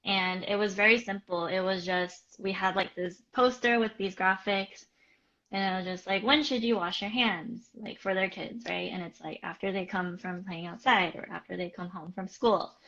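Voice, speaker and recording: Casting: woman co-host, bright and clear tone, chatty with lots of fillers, dull lo-fi stream sound. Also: fairly low pitch, steady tone, normal speed. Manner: chatty, filler-heavy, answers viewer questions. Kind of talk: casual live-stream chat.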